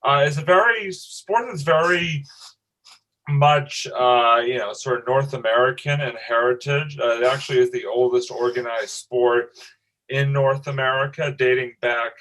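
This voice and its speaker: A man's voice: mid-range voice, a little slow, a bit bright, low-quality recording. Easygoing man co-hosting a sports podcast. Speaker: podcast co-host. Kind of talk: casual sports history chat.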